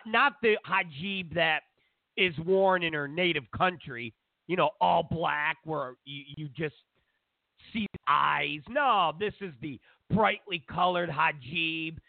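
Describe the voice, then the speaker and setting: A man's voice: a little high, gravelly, no echo. A man hosting a talk show, delivering a sarcastic, digressive, opinionated rant. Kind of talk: opinionated monologue. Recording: dry, phone-like narrow sound.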